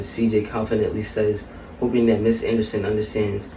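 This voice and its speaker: A man reading a children's story aloud in a steady, even storybook manner. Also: lowish voice, fairly quick, distant mic, slight background noise. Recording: echoey room, a bit off-mic.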